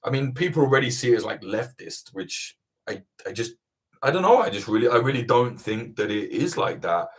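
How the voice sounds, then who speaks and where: A man hosting a livestream Q&A, chatting casually, swearing freely and rambling with lively energy. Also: mid-range voice, a little fast. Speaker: host of livestream Q&A.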